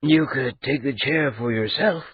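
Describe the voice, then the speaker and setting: A man voicing a careful, polite court envoy who speaks in a measured, probing way. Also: mid-range voice, slightly rough, dry recording, phone-quality sound.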